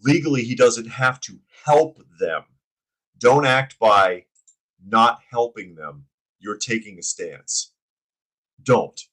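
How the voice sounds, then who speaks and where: A man's voice: medium pitch, animated, slow pace, pauses often, a bit bright, low-quality recording. Sarcastic man hosting news opinion. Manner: sarcastic, blunt. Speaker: host of a news opinion show. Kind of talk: opinion commentary reading viewer chat.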